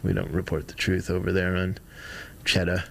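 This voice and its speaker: A man's voice: low-pitched, flat delivery, moderate pace, creaky, slight background noise. A man from the United States hosting a live stream, giving loose, casual commentary and talking to his chat.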